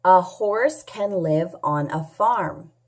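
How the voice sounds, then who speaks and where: Very slow, patient woman teaching phonics. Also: fairly low pitch, lively intonation. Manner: slow, clearly sounding out words and letters; patient, asks and answers her own questions. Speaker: English teacher. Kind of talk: phonics lesson for children.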